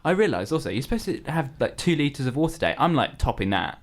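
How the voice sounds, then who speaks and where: A young man from England, a podcast host, tells chatty stories at an easy pace. His voice sits in a middle register, and he gets animated whenever he quotes other people. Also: mid-range voice, quick pace. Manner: chatty storytelling, animated when quoting people. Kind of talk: casual chat.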